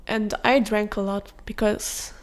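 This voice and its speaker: A young woman hosting a podcast, telling a personal story in a candid, confessional way with soft fillers. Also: medium pitch, flat delivery, a little slow. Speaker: podcast host.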